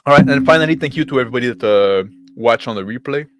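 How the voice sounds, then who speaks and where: A man's voice: medium pitch, expressive, fast, dry recording. A man with a non-native English accent hosting a stream, talking loosely with laughs and swearing. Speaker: stream host. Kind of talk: casual stream chat.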